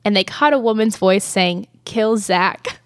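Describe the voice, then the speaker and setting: A woman's voice: medium pitch, expressive, normal speed, no echo, studio quality. A young adult woman hosting a podcast, recapping a ghost-hunting show in casual chat, rambling with lots of fillers and frequent giggles. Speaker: podcast host.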